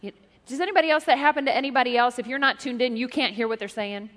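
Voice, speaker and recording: A middle-aged woman preaching a sermon, an animated and joking storyteller who speaks straight to her congregation. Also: sits high, very fast. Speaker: pastor. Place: church hall. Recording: reverberant hall.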